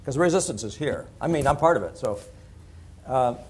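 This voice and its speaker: A middle-aged man giving a conference talk in an animated, digressive way, laughing at his own points. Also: mid-range voice, normal speed, breathy edge. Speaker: conference speaker. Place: conference hall.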